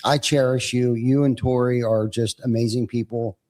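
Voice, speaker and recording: A middle-aged man hosting a podcast, affirming his guest with quick, friendly agreement. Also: medium pitch, fairly even intonation, a little mellow. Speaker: podcast host. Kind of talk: casual podcast chat.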